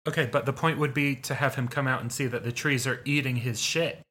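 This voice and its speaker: A man's voice: mid-range voice, steady tone, brisk, bright, forceful tone, husky. A man chatting casually as a player in a tabletop role-playing game, rambling with many fillers and restarts.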